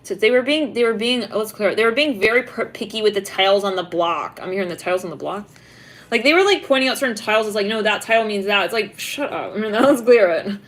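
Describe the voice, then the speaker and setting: In a casual tarot reading, a young woman talks fast in a mid-range voice, rambling with frequent giggles and endless "like" fillers.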